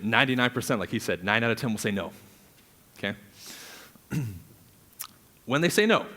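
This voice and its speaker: A man's voice: on the low side, normal speed, pauses often. A man coaching a live audience on real estate prospecting, energetically acting out client dialogue. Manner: energetic, acts out client dialogue, laughs often. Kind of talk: live seminar teaching.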